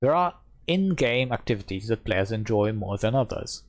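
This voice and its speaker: Low-voiced man reading with chatty asides. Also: moderate pace. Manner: switches between steady reading and chatty asides. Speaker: streamer and game master. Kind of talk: reading a rulebook aloud with casual commentary.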